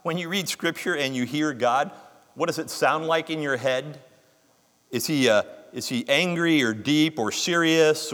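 A man's voice: on the high side, fairly bright tone. Earnest preacher man in a reverberant hall. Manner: earnest expository preaching, reads scripture aloud with emphasis. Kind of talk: sermon.

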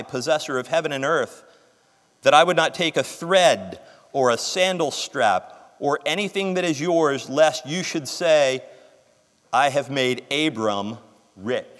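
Male preacher, earnest sermon delivery, slightly high voice, long hall reverb. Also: fairly bright tone. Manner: earnest expository preaching, reads scripture aloud with emphasis.

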